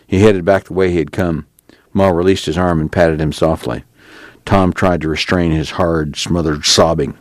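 A man reading a novel aloud for a radio reading service in a measured, plain narration. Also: low-pitched, steady tone, no room sound. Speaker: radio book reader.

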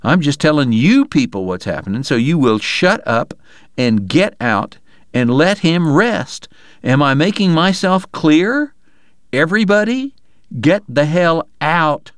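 A man's voice: medium pitch, animated, moderate pace, no echo, clean studio sound, close to an everyday voice. A man voicing a stern, commanding frontier doctor who speaks curtly. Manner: curt, commanding.

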